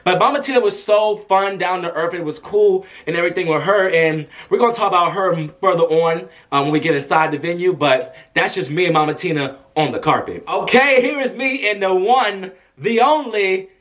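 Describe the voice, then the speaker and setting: High-voiced chatty young man vlogging. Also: fairly quick, hardly any pauses. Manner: animated, chatty, acts out quotes in a raised voice. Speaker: vlogger and press escort. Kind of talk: casual storytelling to camera.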